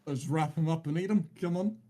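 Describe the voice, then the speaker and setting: Male stream caster, slightly higher voice, dry teasing banter. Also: a little fast. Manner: teasing, deadpan jokes, rambling restarts. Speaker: esports caster. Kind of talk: casual live-stream banter.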